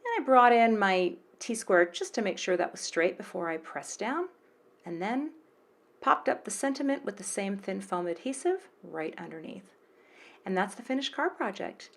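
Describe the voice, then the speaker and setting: A woman's voice: mid-range voice, sing-song, moderate pace. A middle-aged woman chatting through a card-making tutorial in a voice-over, explaining each step with small jokes.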